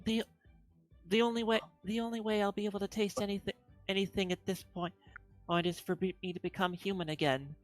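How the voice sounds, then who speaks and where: A woman voicing a cursed young adventurer who cannot feel anything, quiet and resigned. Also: mid-range voice, steady tone, brisk, faint music behind, lightly acted.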